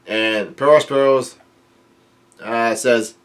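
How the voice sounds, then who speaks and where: Man, casual comic commentary, halting, lots of fillers, mid pitch. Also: steady tone, pushed and bright. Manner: halting, many fillers and restarts. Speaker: manga reaction host. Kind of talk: casual read-through commentary.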